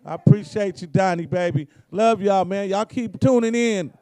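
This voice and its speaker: A hoarse man, telling profane, laid-back comedic stories about his family. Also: high-pitched, moderate pace, warm tone, no room sound. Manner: profane, laid-back storytelling, acts out quotes. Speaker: guest comedian. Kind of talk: storytelling comedy.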